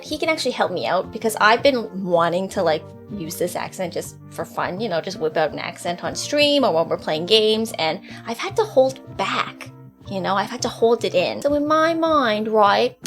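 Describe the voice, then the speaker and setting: Host type, woman with a lively, bouncy, high-ish voice, hamming up a clumsy fake Essex accent. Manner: playful, putting on an amateur Essex accent. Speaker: video host. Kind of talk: comedic vlog chat.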